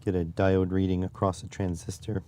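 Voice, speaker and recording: Casual streamer: low, dark-toned man, relaxed musing delivery with fillers, faint noise behind. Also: moderate pace. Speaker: streamer testing electronics. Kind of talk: casual livestream chat.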